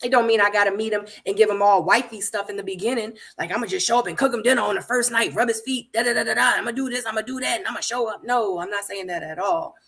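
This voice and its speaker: A woman's voice: mid-range voice, fast, hardly any pauses, a bit bright. A woman hosting a casual reality-show recap, talking emphatically and repeating her points as she rants. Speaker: host.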